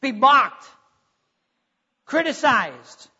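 A man preaching a sermon in a church, animated and jokey, acting out mocking voices. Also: sits high, a little slow, long pauses. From Texas. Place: church sanctuary. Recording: dull sound with long hall reverb.

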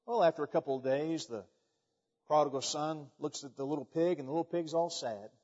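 Male preacher, folksy repetitive storyteller; high voice, muffled hall recording. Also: brisk, darkish tone. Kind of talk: sermon. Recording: echoey hall, dull sound.

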